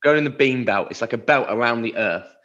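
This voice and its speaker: A man's voice: mid-range voice, brisk, fairly bright tone, highs cut off. A man co-hosting a podcast, chatting casually and rambling through word origins. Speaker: podcast co-host. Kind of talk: casual chat.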